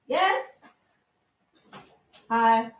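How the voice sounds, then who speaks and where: A woman in her twenties talks bluntly and heatedly to her livestream, swearing freely. Her voice sits high and swings widely in pitch. The sound carries a roomy echo. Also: sing-song, drawn-out words, a little hiss or hum. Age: 20s. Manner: blunt, profane and heated, ranting and laughing. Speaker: tarot reader and streamer. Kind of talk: casual livestream chat.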